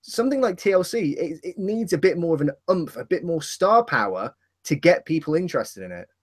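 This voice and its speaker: A man's voice: fairly high pitch, big pitch swings, brisk. A man co-hosting a casual wrestling podcast, talking in a rambling way and correcting himself as he goes. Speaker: podcast co-host.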